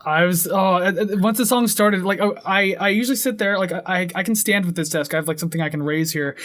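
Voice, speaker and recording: A man's voice: sits high, fast, a bit bright. A young man co-hosting a podcast, chatting casually about an album and rambling with lots of fillers and hedges. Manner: rambling, hedging with many fillers. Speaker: podcast co-host. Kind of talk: casual album review chat.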